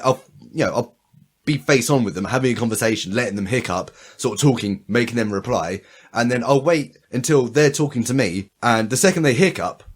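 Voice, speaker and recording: A man co-hosting a podcast in casual chat, rambling with many stammered restarts and frequent laughter. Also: mid-range voice. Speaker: podcast co-host.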